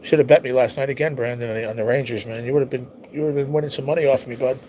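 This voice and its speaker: A man's voice: medium pitch, fairly even intonation, rapid-fire, mellow, low-quality recording. A man chats loosely with his stream viewers, drifting from topic to topic and reading their comments aloud. His nose is stuffy and his voice sounds worn. A faint hiss of noise sits under the recording. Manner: rambling, easygoing, reads chat comments aloud. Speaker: livestream host. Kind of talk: casual livestream chat with viewers.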